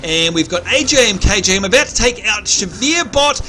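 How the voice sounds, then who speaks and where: An Australian man calling the action of a live game stream with a bright, forceful voice that sits a touch high. He talks to his viewers in a chatty, upbeat play-by-play and keeps an eye on the whole map. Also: animated, a little fast. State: slightly hoarse, clearing his throat. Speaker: livestream host and game commentator. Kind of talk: live gameplay commentary.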